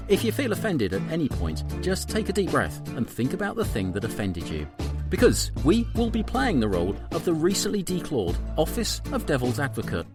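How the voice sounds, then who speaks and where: A man reads a scripted podcast opening with a wry, lively delivery and a voice that moves a lot. His pitch sits a bit high. Clear music plays underneath him. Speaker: podcast intro announcer. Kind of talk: scripted show intro. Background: music bed.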